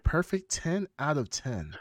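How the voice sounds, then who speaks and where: A man's voice: fairly high pitch, unhurried, no echo, clean studio sound. Rambling male podcast host. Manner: animated rambling storyteller. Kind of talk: casual chat.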